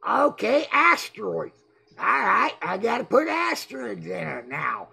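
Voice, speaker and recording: A man hosting a livestream, reading the chat aloud and mocking his critics in a loud, excitable voice that often breaks into shouts. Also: sits high, unhurried, vocal fry, breathy edge. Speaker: livestream host.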